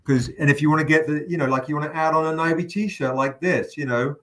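A man's voice: a little high, fairly even intonation, quick pace, fairly bright tone. A man hosting a live stream, chatting casually with fillers, jokes and the odd swear word. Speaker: livestream host running a crowdfunding campaign.

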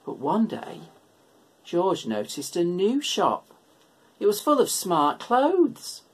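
Husky, slow-talking male storyteller. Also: high-pitched, huge pitch swings. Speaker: children's worship leader. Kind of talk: reading a picture book aloud to children.

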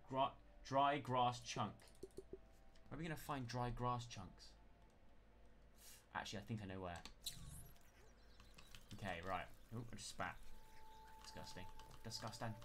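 A game streamer from England's West Country, with a lowish voice and a West Country accent, chats live as he plays, narrating every move. When things go wrong he bursts into panicked yelling, with steady background noise running beneath his voice.

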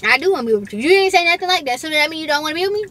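High-voiced young woman arguing in a car. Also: expressive, rapid-fire, sharp tone. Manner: confrontational, repeating demands. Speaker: vlogger in a prank video. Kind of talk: heated couple argument. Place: inside a parked car. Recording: noisy in-car phone recording.

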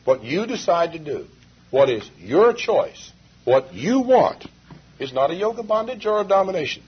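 Male preacher, husky voice with a rising and falling pitch, emphatic sermon, old muffled tape. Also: sing-song, moderate pace. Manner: emphatic, asks rhetorical questions. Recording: dull lo-fi 1980s sermon tape.

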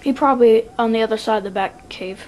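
A woman voicing a hesitant adult male butler in a homemade toy stop-motion video, halting and tripping over his words. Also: on the high side, a little mellow, slight background noise, natural voice. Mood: unsure.

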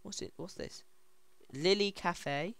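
An excitable, giggly let's play co-host reading signs aloud, with a voice going hoarse. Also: mid-range voice, slow pace, dry recording. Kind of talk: casual gameplay commentary.

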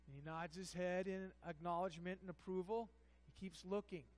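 A pastor preaching a sermon, moving between hushed, quiet passages and shouted, impassioned ones. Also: mid-range voice, steady tone, a little fast, low-quality recording.

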